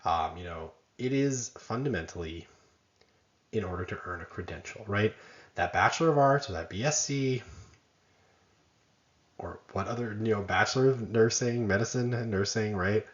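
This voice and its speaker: A man's voice: fairly low pitch, moderate pace, echoey room, highs cut off. A man giving a conversational college lecture, often checking in with "right?" and making self-deprecating asides.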